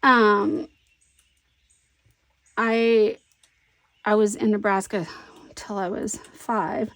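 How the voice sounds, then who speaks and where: A woman, chatting through a crafting vlog as a rambling, animated storyteller who laughs often. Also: mid-range voice, extremely slow. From Virginia, US. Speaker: scrapbooking vlogger.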